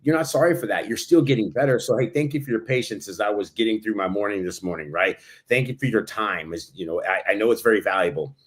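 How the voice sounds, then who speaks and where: A man co-hosting a podcast, explaining advice in a calm, coaching way. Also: fairly low pitch, fast talker, few pauses. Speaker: podcast co-host and consultant trainer. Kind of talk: casual podcast chat.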